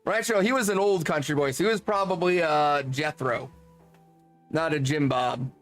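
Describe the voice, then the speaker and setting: A high-voiced man chats casually while he plays a game, rambling from joke to joke and swearing freely. Soft music runs underneath. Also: normal speed. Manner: rambling, profane, joking. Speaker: gaming streamer. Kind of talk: casual chat while gaming.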